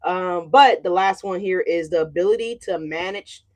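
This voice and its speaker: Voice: medium pitch, moderate pace. A tarot reader in casual livestream chat, blunt and profane, ranting and constantly checking in with the audience. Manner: blunt and profane, with frequent "you know what I'm saying"; ranting, with swings of loudness.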